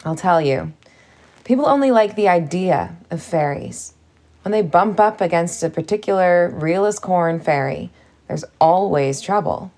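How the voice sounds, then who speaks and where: A woman's voice: fairly low pitch, animated, measured pace, warm tone. A woman voicing a bossy, motherly older fairy cook who talks brusquely and scolds. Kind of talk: audiobook character voice.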